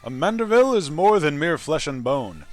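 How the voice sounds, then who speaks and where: A man voicing a grandiose, gallant young gentleman in a game, reading his lines in a pompous, declaiming way. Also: a little high, very animated, normal speed, faint music behind, pitched above the performer's own voice. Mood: rousing.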